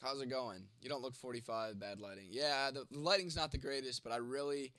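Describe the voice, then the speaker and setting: A sharp-toned, mid-range male voice, fairly quick and with no echo, belongs to a twenty-nine-year-old content creator. Late at night at home, sick with a cold that has him congested and losing his voice, he answers stream chat bluntly and profanely.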